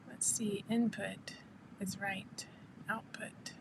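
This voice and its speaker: A woman's voice: medium pitch, level tone, takes it slowly, gravelly, noisy background. A middle-aged woman hosting a casual livestream, chatty and laughing often as she greets viewers by name over a computer mic. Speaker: livestream host.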